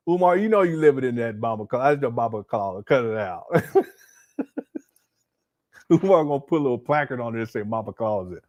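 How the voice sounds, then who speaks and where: A man's voice: medium pitch, expressive, brisk, pauses often, darkish tone. A man hosting a casual video commentary, exasperated and incredulous, swearing casually. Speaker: commentary channel host.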